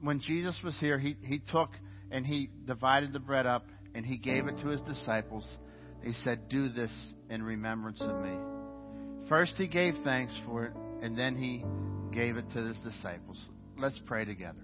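A man's voice: mid-range voice, moderate pace. A man preaching as pastor in a church sanctuary, earnest, often restarting and repeating words. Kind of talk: sermon. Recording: dull, muffled sound with faint music.

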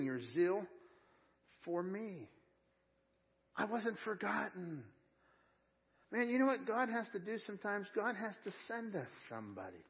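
A man preaching a conversational sermon at a church service, shifting between hushed, slow moments and excited, quicker bursts. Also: high-pitched, muffled recording. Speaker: pastor.

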